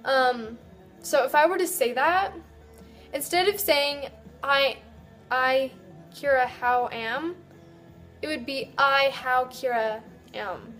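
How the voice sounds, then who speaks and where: A woman giving a casual video lesson on Japanese, chatty and loose, slowly sounding out words syllable by syllable. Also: high-pitched, a bit bright, soft background music. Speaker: Japanese language teacher.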